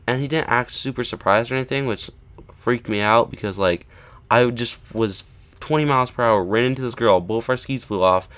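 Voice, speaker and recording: A man with a smooth, clean voice at an ordinary middle pitch tells a story in a chatty, casual way. He keeps checking in with his listeners and plays out the quoted lines with lively emphasis. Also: moderate pace. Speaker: vlogger.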